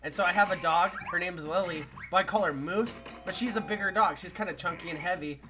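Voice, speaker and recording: A man's voice: sits high, fast talker, over music. Crude, laughing young guy chatting. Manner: loose, crude, laughs often. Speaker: podcast co-host. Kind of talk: casual comedic chat while playing a party game.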